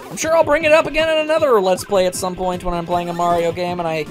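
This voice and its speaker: A woman doing let's play commentary, ranting in an animated way, full of asides. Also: on the low side, fast, faint music behind. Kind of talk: gameplay commentary rant.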